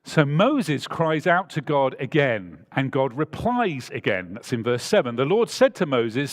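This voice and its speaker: A man's voice: mid-range voice, big pitch swings, measured pace, few pauses. A man preaching a sermon in a church, telling a scripture story and reading passages aloud with emphasis. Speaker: pastor.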